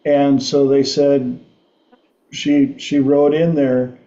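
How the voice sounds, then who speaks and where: Slow, halting middle-aged male host. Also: medium pitch, level tone, mellow, echoey room, lo-fi sound. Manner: slow, halting storytelling with restarts. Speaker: podcast host. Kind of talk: casual livestream talk.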